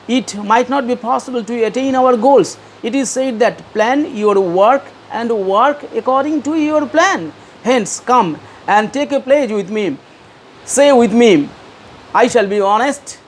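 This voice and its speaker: A man's voice: very high-pitched, a little slow, a little hiss or hum. A middle-aged man, interviewed as an author, answers earnestly and hesitantly with many fillers and repeats, and reads aloud from his book.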